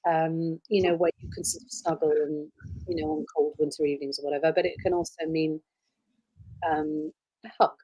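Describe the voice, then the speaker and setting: A middle-aged woman who grew up in Wales, chatting warmly on a livestream as she signs prints for fans, with plenty of ums and soft asides. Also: deep voice, flat delivery, normal speed, slightly rough, no echo, lo-fi sound. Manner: warm, gushing, with many ums and soft trailing asides. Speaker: voice actress signing prints for fans. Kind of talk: casual livestream chat.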